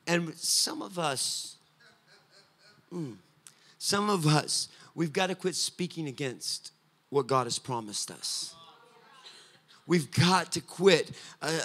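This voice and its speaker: Bright-voiced preacher in full flow. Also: male voice, a little high. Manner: builds from quiet, conversational asides to loud, sing-song preaching. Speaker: pastor. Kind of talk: sermon. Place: church sanctuary.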